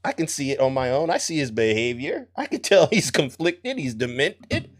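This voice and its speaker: An excitable man runs a live political stream, talking to his audience in a voice of middling pitch. He laughs often and breaks into bursts of emphasis, turning every clip into a running reaction. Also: normal speed. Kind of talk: animated live-stream commentary.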